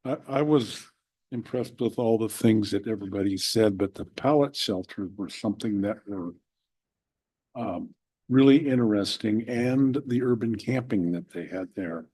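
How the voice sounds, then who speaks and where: A man on a city council giving a halting, plainspoken report at a desk microphone in a council chamber. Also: on the low side, mellow, breathy edge, dry recording, poor audio.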